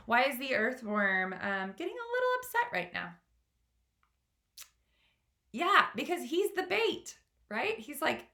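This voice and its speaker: A woman's voice: high-pitched, wildly swooping pitch, measured pace, long pauses, pushed and bright. A woman teacher reading a storybook aloud to students, stopping to ask questions and explain words.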